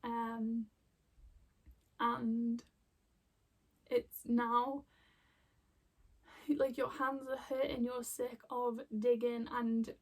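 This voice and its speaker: Speaking extremely slowly and pausing often, an intuitive card reader gives a casual spiritual reading that rambles with fillers, restarts and heartfelt feeling. Her voice is on the high side with little pitch movement, and she sits a bit far from the mic.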